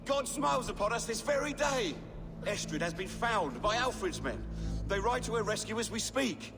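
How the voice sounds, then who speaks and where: An eager royal messenger. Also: male voice, high voice, animated, normal speed, long reverb tail, music in the background. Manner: formal, announcing.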